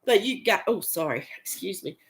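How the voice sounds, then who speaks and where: Background noise accompanies a middle-aged crochet host with a rural American accent as she chats on a casual crafting live stream while sick with a cold and coughing. Her medium-pitched voice is expressive at normal speed, and she laughs often and greets viewers by name.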